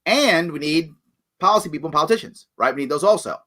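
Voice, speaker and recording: A man hosting a live political question-and-answer show, reading viewer comments and answering them in an earnest, animated way that swings between loud emphasis and quiet apology. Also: fairly high pitch, quick pace.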